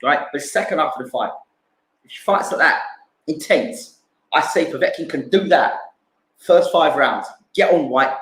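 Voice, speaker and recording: Man, boxing pundit, slightly high voice, echoey room, repeats himself. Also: a bit bright. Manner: repeats himself, acts out punches with sound words. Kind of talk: casual boxing analysis.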